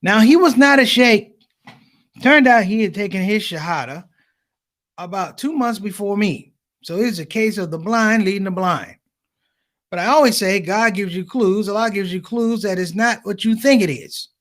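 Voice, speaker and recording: A man doing stand-up comedy, telling stories as an animated storyteller with big voice swings. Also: high voice, moderate pace.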